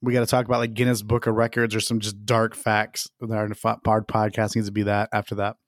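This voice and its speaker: A man's voice: on the low side, completely flat delivery, brisk, dry recording, clean studio sound. A man co-hosting a casual podcast, joking in a laid-back way. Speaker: podcast co-host.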